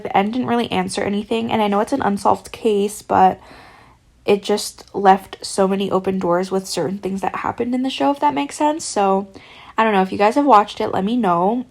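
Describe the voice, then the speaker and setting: A young woman hosting a podcast, chatting casually and retelling a spooky story with lots of filler words. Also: mid-range voice. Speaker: podcast host.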